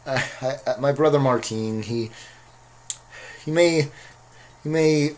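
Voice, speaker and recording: A man giving a casual spoken movie review, rambling and excitable with many restarts. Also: medium pitch, slow pace, slight background noise. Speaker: film reviewer.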